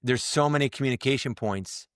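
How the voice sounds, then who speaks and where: A man guest on a podcast, talking in a casual interview, animated and full of restarts and repeated words as he acts out tones to make his point. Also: medium pitch, a little fast, dry recording, clean studio sound. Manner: animated, explains through examples and acted-out tones. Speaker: guest, leadership communication coach.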